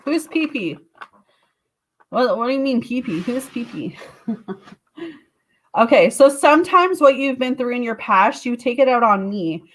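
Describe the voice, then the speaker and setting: Tarot reader, woman, fairly high voice, chatty live-stream delivery with bursts of excited squeals. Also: moderate pace. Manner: expressive, with sudden high exclamations; chatty, talks straight to viewers.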